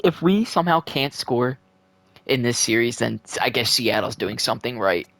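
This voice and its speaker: Young man, excitable, swearing, casual hockey-sim commentary, desk mic, dry close sound, middle pitch. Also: normal speed, gravelly, no room sound. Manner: excitable, swears, pleads with the game and cheers his team. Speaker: gaming video creator. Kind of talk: casual play-by-play commentary of a simulated hockey game.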